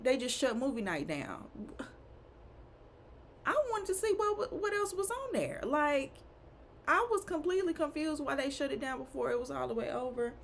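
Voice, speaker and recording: A woman's voice: sits high, a little hiss or hum. A woman giving a chatty, opinionated recap of a reality show, full of rhetorical questions and asides. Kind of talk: casual recap rant.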